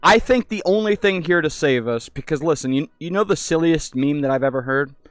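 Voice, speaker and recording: A man's voice: fairly high pitch, animated, brisk, smooth, dry recording. A young man in casual chat in a VR hangout, rambling and swearing freely, stumbling over restarts as he talks into a headset mic. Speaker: VR streamer. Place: virtual reality hangout.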